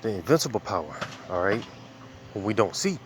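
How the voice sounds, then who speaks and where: A man with a lowish voice preaches while he walks outside, a little out of breath. His delivery is loose and conversational, full of fillers and asides. Faint street and traffic noise sits behind him. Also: very animated, a little fast. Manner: casual, conversational, many fillers. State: slightly out of breath while walking. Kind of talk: informal outdoor preaching. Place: outdoors, walking by traffic.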